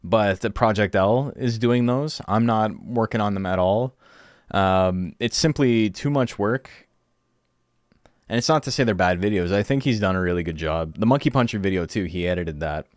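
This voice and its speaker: A man's voice: on the low side, normal speed, no echo, studio quality. A young man streaming from home, chatting casually and ranting about his viewers, swearing often. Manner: ranting, swears a lot, quotes chat in mocking voices. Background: faint background music.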